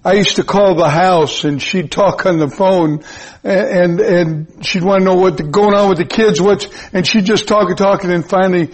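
A man preaching a sermon, emphatic and repetitive, with sudden high-pitched rises. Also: steady tone, moderate pace, hardly any pauses. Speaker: pastor.

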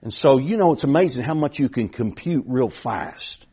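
A man's voice: mid-range voice, animated, moderate pace, mellow, breathy edge. A middle-aged man preaching a sermon, telling a folksy story with repeated starts that builds to emphatic points.

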